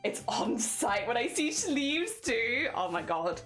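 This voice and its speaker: A woman's voice: a little high, sing-song, takes it slowly, hardly any pauses, a bit bright, faint music behind. A woman with an English accent, chatting casually with her viewers while she crafts and laughing often. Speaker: craft streamer.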